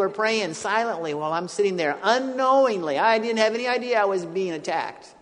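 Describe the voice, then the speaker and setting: A man preaching, telling a personal story in an animated way that rises to excited quotes. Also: high-pitched, a little fast, few pauses. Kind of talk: sermon storytelling. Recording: long hall reverb.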